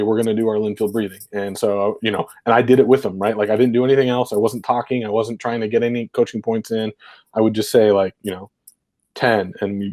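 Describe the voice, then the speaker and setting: A man's voice: mid-range voice, darkish tone. A man co-hosting a podcast, reflectively recounting his football coaching days in a rambling, casual way full of fillers. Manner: rambling, reflective, heavy use of fillers like "like" and "right". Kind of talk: casual storytelling conversation.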